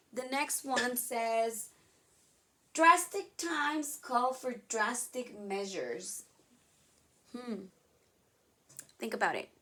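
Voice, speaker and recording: Higher-voiced woman teaching English idioms. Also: fairly bright tone. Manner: explains patiently with many "okay?" checks, acts out examples. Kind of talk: online vocabulary lesson.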